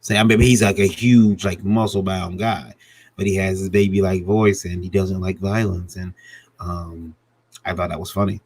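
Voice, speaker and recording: A man's voice: sits low, little pitch movement, normal speed. A man chatting casually about writing comics, rambling and restarting his sentences with jokes along the way. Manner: rambling, self-interrupting, jokey. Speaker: comic creator guest. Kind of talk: casual panel chat.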